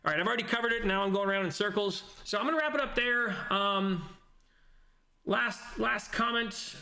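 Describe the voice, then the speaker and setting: A man's voice: sits high, fast, bright, forceful tone. A man hosting a casual stream, reading comments aloud and rambling with many restarts and self-corrections. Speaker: host reading live chat comments. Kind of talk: casual livestream chat.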